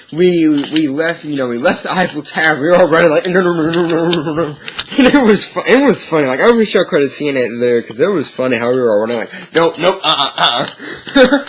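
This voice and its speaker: Rambling man telling a story, noisy recording. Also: medium pitch. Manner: rambling, sidetracked, chuckling. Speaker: vlogger. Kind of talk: casual storytelling.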